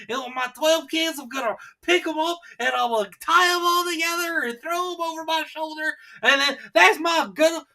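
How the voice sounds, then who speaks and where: A man voicing a loud, boastful rural Southern woman with a heavy, exaggerated drawl. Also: extremely high pitch, vocal fry, distant mic, voice pushed up, heavily acted.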